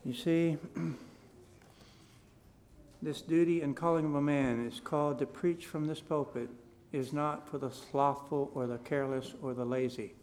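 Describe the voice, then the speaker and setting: Male preacher, slightly high voice; reads scripture aloud, then preaches with big swings between quiet asides and loud repeated emphasis. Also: fairly even intonation, a little slow, pauses often, a little hiss or hum. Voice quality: King James scripture read aloud in a rising, forceful cadence. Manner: shifts from soft, low asides to loud, emphatic declamation with repeated phrases. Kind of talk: sermon with scripture reading.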